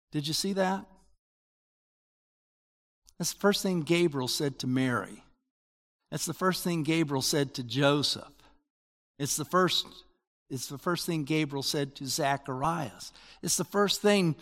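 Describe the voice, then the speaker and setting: An older man giving a sermon as pastor, in a conversational, animated preaching manner with rising emphasis. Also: a little high, in a large hall.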